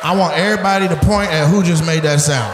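A man doing stand-up crowd work on a club stage, loudly teasing audience members in a lively comic riff. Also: on the high side, fast talker, heavy background noise. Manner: loud, teasing, animated riffing with audience members. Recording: roomy live club with crowd laughter. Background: loud laughing crowd.

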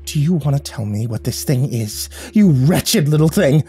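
A man's voice: fairly high pitch, lively intonation, normal speed, dark tone, soft background music, pitched above the performer's own voice. A man voicing a furious, fanatical religious aunt in a horror story, scolding with shrieking hatred. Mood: raging. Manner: shrieking, hate-filled scolding.

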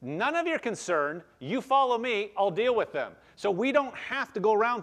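A man's voice: high voice, very animated, normal speed, hardly any pauses, fairly bright tone. A man preaching a conversational sermon in a church, reading scripture aloud and explaining it with frequent restarts. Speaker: pastor.

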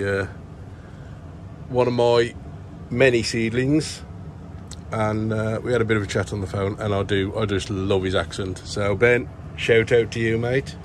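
A middle-aged man chatting casually in a vlog, rambling through shout-outs with lots of fillers and restarts. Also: fairly low pitch, slight background noise. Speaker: plant grower vlogger. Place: indoor grow tent.

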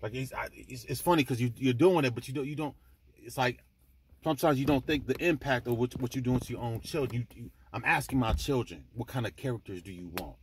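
A man's voice: mid-range voice, fairly quick, slight background noise. A man who owns a clothing brand and is a father, speaking emphatically to camera, repeating himself and stumbling as he gets choked up with emotion. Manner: emphatic, repetitive, stumbling, tearful. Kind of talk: emotional direct-to-camera talk.

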